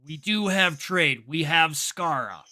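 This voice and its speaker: A man doing a loud, stumbling space crewman. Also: fairly high pitch, animated, slow pace, heavily acted. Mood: eager. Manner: loud, hesitant, stumbling over words.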